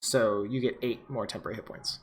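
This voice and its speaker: A man's voice: on the low side, fairly even intonation, fairly quick, a bit bright. Man running a tabletop game. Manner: casual, many fillers. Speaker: game master.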